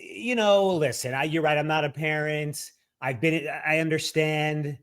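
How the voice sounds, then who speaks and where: A man co-hosting a podcast with a somewhat higher voice, talking casually. He laughs easily and often stammers and starts over as he works out his thoughts. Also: unhurried, fairly bright tone, smooth. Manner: laughs easily, stammers and restarts while thinking aloud. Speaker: podcast co-host.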